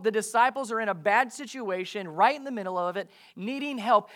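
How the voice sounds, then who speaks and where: High-voiced preacher. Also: male voice, expressive, fast, hardly any pauses, pushed and bright. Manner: conversational preaching with rhetorical questions to the congregation. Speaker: pastor. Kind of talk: sermon.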